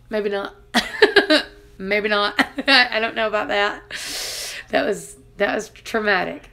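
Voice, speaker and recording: A woman's voice: medium pitch, fairly bright tone. A woman in her thirties, chatting casually on a live stream, laughing often and acting out what people said. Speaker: vlogger reading live chat.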